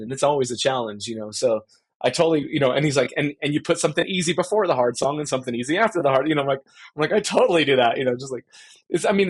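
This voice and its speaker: A middle-aged man with a husky, slightly breathy voice at a middle pitch, thinking aloud in long, looping answers. He restarts phrases and pads them with fillers as he works through his ideas in a relaxed interview. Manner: rambling and reflective, many fillers and restarts. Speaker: guest musician.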